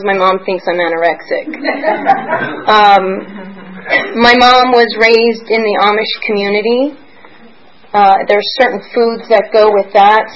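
A woman's voice: mid-range voice, poor audio. Candid woman sharing at a recovery meeting. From Pennsylvania, United States. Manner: rambling, candid, with frequent soft laughs; emotional and searching. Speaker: meeting member sharing her story. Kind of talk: personal share at a recovery meeting.

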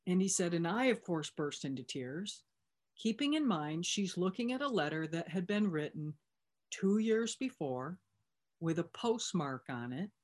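A woman's voice: on the low side, big pitch swings, unhurried, darkish tone. A woman speaking as a recovery sponsor, telling a personal story in a conversational way and retelling back-and-forth dialogue. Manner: conversational, with fillers and restarts.

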